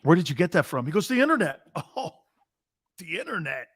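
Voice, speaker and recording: A middle-aged man hosting a sports talk show, rambling and telling stories with loud bursts and laughter. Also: a little high, brisk, slightly rough, dry recording, clean studio sound. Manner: loud, excitable, storytelling with bursts of shouting and laughter.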